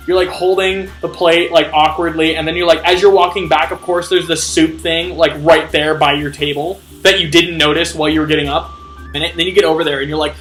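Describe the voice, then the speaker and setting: A young man doing a comedic rant vlog, animated and swearing, acting out his own inner voice. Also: on the high side. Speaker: vlogger ranting.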